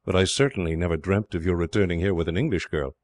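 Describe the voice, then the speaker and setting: A man's voice: low voice, quick pace, darkish tone, no echo, close to an everyday voice. A man voicing a dignified, hearty older prince. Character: dignified Indian prince, the hero's uncle.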